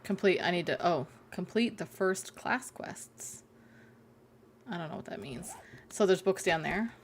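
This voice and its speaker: Gravelly low-voiced woman streamer. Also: animated, unhurried, slight background noise. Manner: chatty, giggly, reading chat jokes aloud. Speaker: game streamer. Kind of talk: casual live-stream chat.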